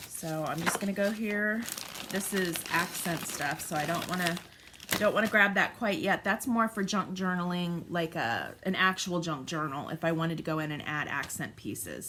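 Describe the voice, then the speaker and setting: Lowish voice, woman in her 40s rambling through a craft how-to, lots of ums, noisy background with paper crinkling. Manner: chatty, thinks aloud with frequent ums. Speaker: craft vlogger. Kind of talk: casual craft tutorial.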